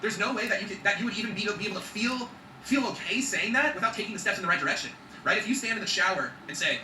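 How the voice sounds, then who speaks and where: A man's voice: high voice, very fast, pushed and bright, roomy sound, distant mic, a little hiss or hum, poor audio. A man talking in an emphatic motivational vlog, swearing freely and checking in with his viewers. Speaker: vlogger.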